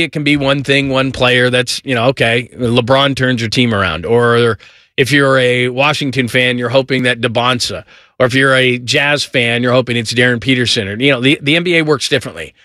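A middle-aged man hosting a sports talk show, giving energetic casual commentary and rattling off lists of player names. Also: medium pitch, dry recording, clean studio sound.

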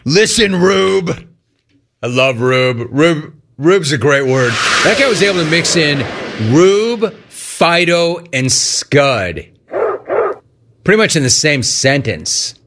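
A man's voice: mid-range voice, sing-song, unhurried, background noise. A man hosting a radio call-in show, brash and riffing, repeating his catchphrases as he takes callers. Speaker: radio talk show host. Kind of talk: sports talk radio, taking calls.

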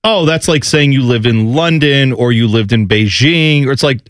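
A man's voice: medium pitch, normal speed, no echo. A man co-hosting a sports talk radio show, rambling through casual anecdotes and banter at a studio microphone. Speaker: radio co-host.

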